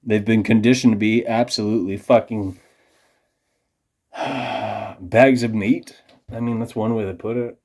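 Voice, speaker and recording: Profane ranting man, mellow dark voice. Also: lowish voice, steady tone, measured pace, long pauses. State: tipsy from drinking beer. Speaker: vlogger. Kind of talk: rambling monologue to camera.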